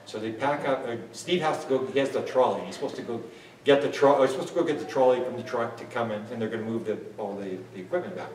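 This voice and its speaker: A man's voice: medium pitch, fast talker. 60s guy rambling through a wild story, restarts a lot, kinda far off the mic, echoey room, faint background noise. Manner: excitable, many restarts, laughs while telling. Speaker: interview guest. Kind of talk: animated anecdotal storytelling. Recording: roomy and distant, faint ambience.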